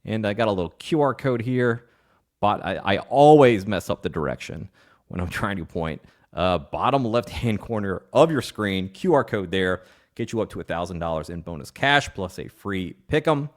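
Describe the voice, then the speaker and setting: A man's voice: on the low side, animated, normal speed. A man hosting a podcast, talking in a casual, joking way with rambling asides and playful rants. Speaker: podcast host.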